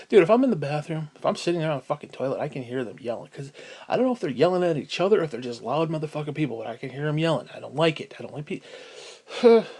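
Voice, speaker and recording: A man's voice: a little high, a little mellow, husky. Profane venting man at home. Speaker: vlogger. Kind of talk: casual ranting vlog.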